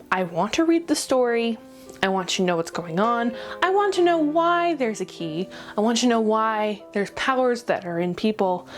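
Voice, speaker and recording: A woman reviewing an anime in a ranty vlog, exasperated, rapid and swearing. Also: mid-range voice.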